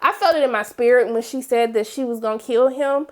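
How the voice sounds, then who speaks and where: A woman reviewing a TV episode in a casual vlog, talking in an animated, emphatic and slangy way. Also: fairly high pitch, brisk. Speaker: TV recap reviewer.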